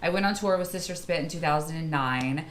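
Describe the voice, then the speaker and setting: A woman's voice: low voice, fairly quick, slight background noise. A young adult woman from Kentucky, a performer guest chatting on a live podcast, telling bawdy, sassy stories. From Kentucky, USA. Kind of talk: casual chat.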